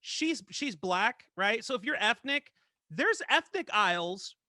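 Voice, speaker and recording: A man's voice: high-pitched, sing-song, unhurried, bright, forceful tone, dry recording, studio quality. A man co-hosting a podcast, chatting in an upbeat way and reading news items with asides. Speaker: podcast co-host, news reader.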